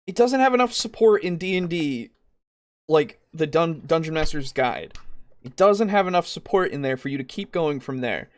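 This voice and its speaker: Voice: medium pitch, lively intonation, normal speed. A podcast co-host in a casual discussion, ranting with exasperation and frequent swearing, reading out comments and quotes as they go. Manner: reads comments and quotes aloud.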